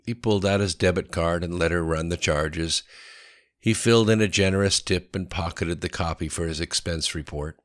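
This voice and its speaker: Deep-voiced male story narrator. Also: moderate pace.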